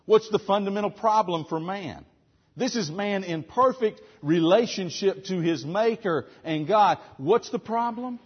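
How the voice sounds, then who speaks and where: A man preaching a sermon as pastor, asking rhetorical questions and driving points home with emphasis, loud one moment and soft the next. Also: high voice, animated, unhurried, husky, lo-fi sound.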